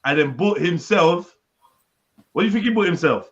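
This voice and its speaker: A man's voice: high-pitched, lively intonation, normal speed. A man hosting a livestream, chatting casually, teasing and swearing as he laughs with a friend. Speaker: livestream host. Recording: dull lo-fi stream audio.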